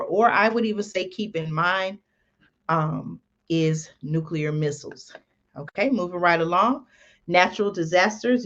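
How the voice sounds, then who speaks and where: A woman's voice: lowish voice, a bit bright, highs cut off. Folksy woman reading news aloud. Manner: folksy, many ums and "y'all", reads aloud then comments. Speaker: channel host. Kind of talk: reading and commenting on an article.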